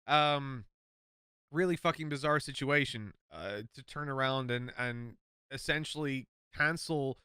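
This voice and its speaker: Irish caster, bright forceful tone, dry close mic, blunt and sweary. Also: male voice, mid-range voice, unhurried, smooth, no echo. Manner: blunt, frequent swearing, emphatic rants. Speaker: esports caster. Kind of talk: casual podcast chat.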